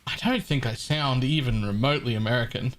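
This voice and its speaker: An Australian man in his thirties live-streams a game from a room at home, chatting loosely with viewers, joking bluntly and swearing freely. His medium-pitched voice is fairly bright and a little fast.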